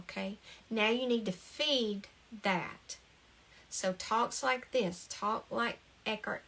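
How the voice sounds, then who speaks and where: A woman's voice: medium pitch, fairly bright tone. A woman giving an earnest, encouraging spoken talk about the ego, often repeating her phrases and laughing lightly. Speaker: spiritual talk host. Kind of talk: casual spoken talk on self-help.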